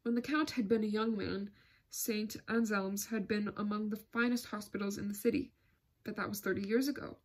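Brief: woman audiobook narrator, husky, steady literary reading. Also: medium pitch, normal speed. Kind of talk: scripted narration.

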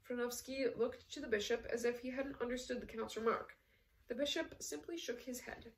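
A woman reading a novel aloud in a steady storytelling way, with small slips. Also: fairly high pitch, moderate pace, distant mic, rough recording. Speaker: audiobook reader. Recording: voice set back from the mic.

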